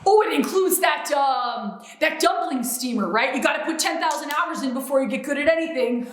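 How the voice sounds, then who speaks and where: A woman doing an excitable comedic character monologue in quick bursts of enthusiasm. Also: sits high, echoey room, poor audio. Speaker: comedy sketch performer.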